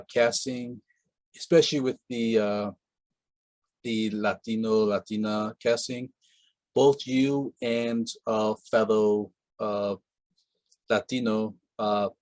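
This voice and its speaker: Rambling low-voiced male interviewer. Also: darkish tone, dry recording. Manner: rambling, many fillers and restarts. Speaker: podcast host. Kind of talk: casual interview.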